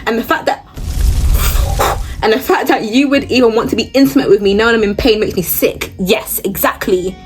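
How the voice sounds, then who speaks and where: A young woman in the middle of her own vlog, reading posts aloud and cutting in with blunt opinions. She laughs and gasps as she goes, her voice at an everyday medium height. Soft music runs faintly underneath. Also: mid-range voice. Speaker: host reading reddit posts. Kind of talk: casual reaction commentary.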